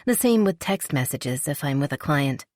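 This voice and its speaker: A woman's voice: low-pitched, animated, normal speed, a little mellow, no echo, studio quality. A woman reading a polite, shyly playful young woman. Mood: earnest. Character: young wealthy woman, warm, slightly shy, playful. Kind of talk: audiobook character reading.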